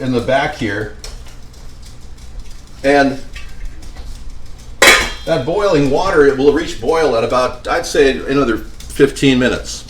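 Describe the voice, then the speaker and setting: A man's voice: fairly high pitch, distant mic. Man, rambling jokey cooking vlogger, off-mic, echoey kitchen, faint background hum. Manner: rambling, jokey, talks to viewers while cooking. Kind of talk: rambling comedic cooking vlog. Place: home kitchen. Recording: roomy, off-mic with faint ambience.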